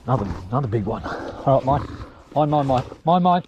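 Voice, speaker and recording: A man's voice: mid-range voice, animated, fairly quick, muffled recording, background noise. A man chatting casually outdoors as he works ferrets and dogs on a hillside, calling out to the animals. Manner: chatty, talks to his dogs and ferrets, shouts calls. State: sweaty from climbing hills. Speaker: ferreter filming his hunt.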